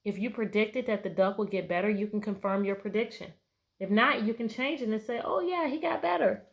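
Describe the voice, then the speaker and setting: A woman's voice: medium pitch, brisk. A woman teacher reading a picture book aloud to her class, patiently asking prediction questions between pages. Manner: bright, playful voices for story animals.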